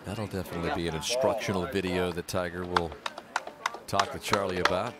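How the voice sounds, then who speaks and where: Man, golf commentator, low voice, casual enthusiastic commentary, loud outdoor noise behind. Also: fairly even intonation, fairly quick. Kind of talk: broadcast commentary.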